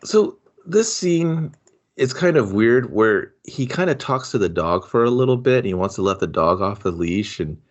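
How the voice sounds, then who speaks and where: A man's voice: mid-range voice, animated, normal speed, lo-fi sound. A man co-hosting a podcast, casually picking apart a movie's plot and arguing his points. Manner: critical, argues points about the plot. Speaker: podcast co-host. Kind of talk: casual movie review chat.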